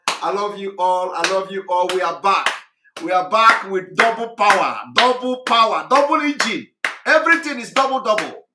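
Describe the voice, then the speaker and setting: A hoarse man, hosting a live address, talking repetitively with laughs and emphasis. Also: high-pitched, bright, forceful tone, reverberant. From Nigeria. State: hoarse, recovering voice. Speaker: host of a live broadcast.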